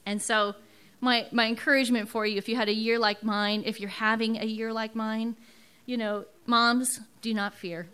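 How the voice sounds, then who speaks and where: A woman's voice: fairly high pitch, little pitch movement, moderate pace, sharp tone, smooth. A middle-aged woman giving an earnest, emotional testimony at a church service, often repeating words for emphasis. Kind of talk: personal testimony in a sermon.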